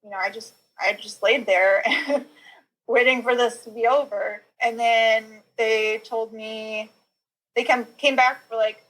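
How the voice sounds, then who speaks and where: Bright-voiced young woman telling her story. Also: a little high, steady tone, unhurried, low-quality recording. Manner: rambling, heavy use of "like" and "you know", nervous little laughs. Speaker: podcast guest. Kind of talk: personal birth story in conversation.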